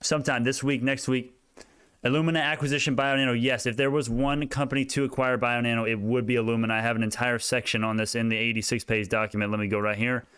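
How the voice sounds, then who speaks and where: An excitable young man runs through stock charts in casual, rambling commentary and keeps drifting onto tangents. His voice is smooth and clear. It sits at an ordinary middle pitch, recorded dry and close. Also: fast talker, no echo. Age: young adult. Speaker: stock market YouTuber.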